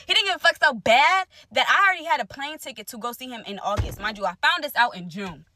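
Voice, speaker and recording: A young woman casually telling a personal story to camera, animated and conversational, jumping between loud exclaims and low asides. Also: fast, a little hiss or hum. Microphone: phone close to the face.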